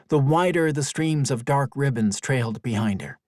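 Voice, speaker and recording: Male storybook narrator, animated pitch, mid voice, dry booth recording. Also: moderate pace, no room sound. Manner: expressive storytelling. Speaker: audiobook narrator. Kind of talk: scripted narration.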